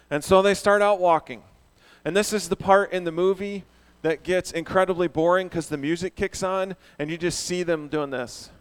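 Male pastor, animated sermon delivery, fairly high voice, questions the crowd. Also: moderate pace, clear, resonant tone. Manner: animated, asks the audience questions.

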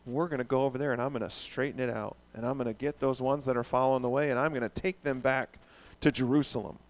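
Preacher doing a brash, zealous ancient man, rapid-fire and a bit lower. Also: fairly even intonation, lightly acted. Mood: determined. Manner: brash, determined.

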